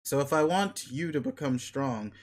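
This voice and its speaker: A man's voice: medium pitch, lively intonation, normal speed, natural voice. A man reading a webcomic aloud, voicing an arrogant, crude young male alien who talks in a pushy, sneering, blunt way. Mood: domineering.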